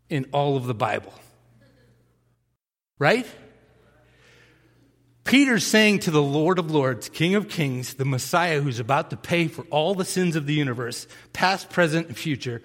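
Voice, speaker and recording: A man preaching a sermon as a pastor, telling stories in an animated way and acting out the voices of the people in them. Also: on the high side, normal speed, big-room sound. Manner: animated storytelling, acts out voices.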